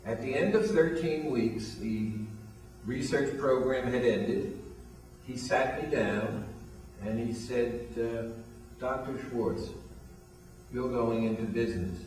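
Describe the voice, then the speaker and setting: A man's voice: mid-range voice, slow pace, long pauses, darkish tone, far from the mic. An older man, founder of a weight loss program, telling a long anecdote as a guest and acting out the lines of the people in it. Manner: anecdotal, acts out quoted dialogue. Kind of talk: storytelling interview. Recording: echoey room, voice from off-mic.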